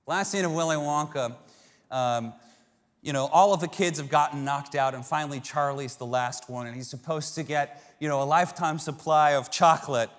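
A male pastor preaching a sermon, animated storytelling that acts out the voices of characters. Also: a little high, normal speed. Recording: long reverb of a large hall.

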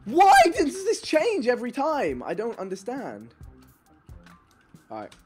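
A man streaming a game, laughing and yelling at it in frustration. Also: extremely high pitch, wildly swooping pitch, a little slow, breathy edge, soft background music. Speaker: gaming streamer. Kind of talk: live game commentary.

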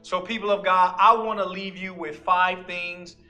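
A man's voice: high-pitched, fairly even intonation, normal speed, bright, forceful tone, faint music behind. A man, an associate pastor, preaching a sermon in an earnest storytelling manner.

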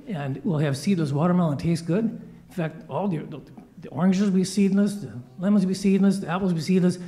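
Brisk and high-pitched, a man brings a children's story to life during a church service, performing the characters' lines with playful energy.

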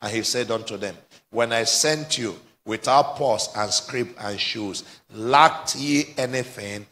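Male pastor, bright tone, fervent call-and-response preaching. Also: mid-range voice, unhurried. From Nigeria. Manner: exhorting, climbs to fervent shouting, prompts replies. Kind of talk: live sermon with call and response. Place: church service before a congregation.

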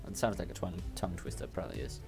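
A man talking through a video game, excitable and rambling, with the odd swear word. His voice sits somewhat low. Faint music runs under his talk. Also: racing, gravelly. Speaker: gamer. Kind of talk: let's play commentary.

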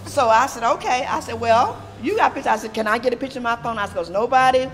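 A middle-aged woman from Texas, a disability advocate, telling a story in a lively, animated way with laughter. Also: a little high, quick pace. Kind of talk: storytelling interview.

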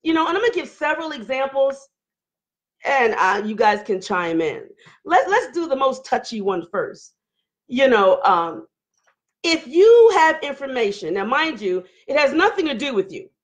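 Hoarse lady talking loud on her livestream, pretty high voice, keeps restarting her sentences. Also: big pitch swings, moderate pace. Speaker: livestream host. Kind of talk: casual live chat reading viewer comments.

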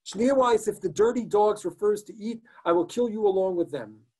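A man's voice: high-pitched, normal speed, dark tone, husky, voice pushed up. A man voicing a cruel, roaring male SS officer in a dramatic story reading, barking out threats. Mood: threatening.

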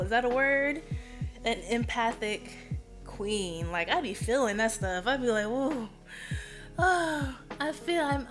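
A woman live streamer chatting casually with her viewers, emotional and expressive. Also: on the high side.

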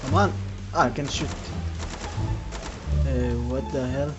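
A man hosting a casual gaming session with friends, playful and quick to protest. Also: medium pitch. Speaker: channel host, gamer. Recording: dull lo-fi mic with music behind.

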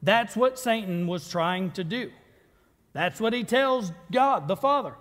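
A man's voice: high voice, animated, unhurried, fairly bright tone. A man preaching a sermon in a church, reading scripture in an earnest, conversational way. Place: church sanctuary. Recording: long reverb of a church hall.

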